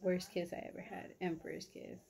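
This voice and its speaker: A woman's voice: fairly low pitch, moderate pace, gravelly, a little hiss or hum. Chatty young woman telling a slangy story. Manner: chatty, slangy, animated retelling with lots of "like". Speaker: vlogger. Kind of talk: casual storytime while eating.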